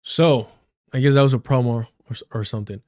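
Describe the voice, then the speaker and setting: A man's voice: mid-range voice, fairly quick, a little mellow. A man hosting a livestream, giving heated and sarcastic political commentary with frequent swearing. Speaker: livestream host.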